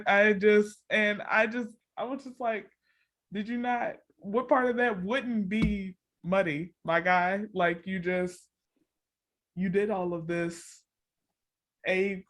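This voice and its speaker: Woman podcast co-host, casual storyteller, laughs a lot, acts out the quotes. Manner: animated storytelling, acts out quotes with big pitch jumps; laughs often, fills with "like" and "all the things". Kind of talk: casual chat recapping a reality show.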